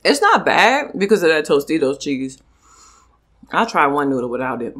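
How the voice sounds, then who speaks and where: A woman's voice: low voice, moderate pace. A young woman, chatting casually and expressively as a mukbang vlogger while she eats. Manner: animated, expressive, joking asides. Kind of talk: casual chat while eating.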